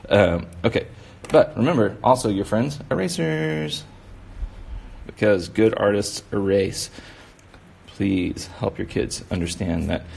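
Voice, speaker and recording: This kids' drawing instructor's voice is low, creaky, and a little mellow, with slight background noise. During his casual demonstration he rambles, cheers the kids on, and fills gaps with "you know."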